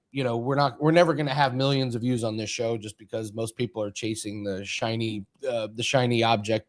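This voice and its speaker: A man hosting a sports betting show, conversational and easy, prone to laughing. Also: mid-range voice. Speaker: host. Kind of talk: casual betting talk.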